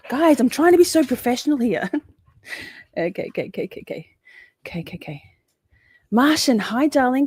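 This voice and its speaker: A woman livestreamer rambles through casual commentary, swearing freely and breaking off to greet her chat. Her mid-range voice is a little mellow, captured on a dry mic with no echo.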